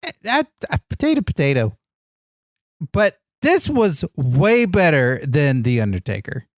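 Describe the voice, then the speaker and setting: On a comedy podcast, a male co-host trades comedic banter with goofy, earnest enthusiasm. His voice sits on the high side, sing-song and unhurried, captured with studio quality and no room sound.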